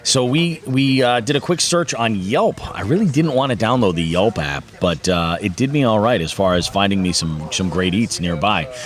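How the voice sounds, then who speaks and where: A man's voice: lowish voice, animated, normal speed, hardly any pauses, soft background music. Rambling man hosting a fishing show. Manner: rambling, with many fillers and restarts. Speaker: fishing podcast host. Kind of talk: casual chat.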